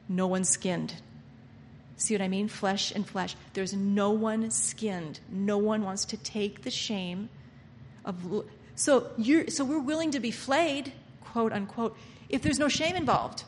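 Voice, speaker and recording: A woman preaching a sermon, impassioned and emphatic, sometimes dropping to soft murmurs and sometimes mocking people by acting out their inner voices. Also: mid-range voice. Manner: impassioned, swinging between soft murmurs and loud emphatic lines. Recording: reverberant hall with faint background noise.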